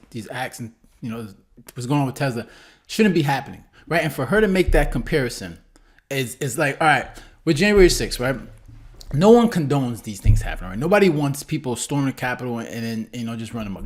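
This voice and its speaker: A man hosting a commentary channel, talking casually about a clip, rambling with many restarts and asking "right?" again and again. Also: mid-range voice.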